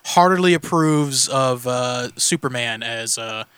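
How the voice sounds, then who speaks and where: A man trading dry, deadpan jokes in a casual podcast chat. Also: mid-range voice, measured pace, clean tone, no room sound.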